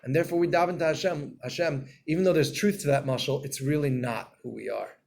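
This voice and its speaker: A man giving a Torah class in a storytelling way, acting out scenes and getting loud and animated. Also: fairly high pitch, fast talker, creaky, a little hiss or hum.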